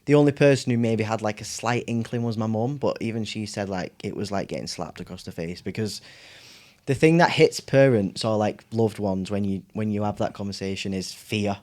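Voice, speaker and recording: Animated man telling a story. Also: on the low side, fairly quick. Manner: animated, acts out family voices, laughs often. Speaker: podcast guest. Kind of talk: casual storytelling chat.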